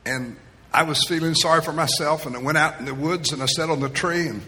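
A man's voice: on the high side, fairly quick, sharp tone. A male pastor preaching a sermon as a personal story, in a storytelling style that acts out the quoted voices. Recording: reverberant hall.

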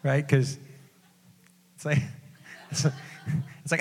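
A man with a fairly high voice preaches in a relaxed, conversational way, dropping jokes and quick asides. His words ring out with a long hall reverb behind them. The tone stays casual rather than formal. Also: slight background noise. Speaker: pastor. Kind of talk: casual sermon.

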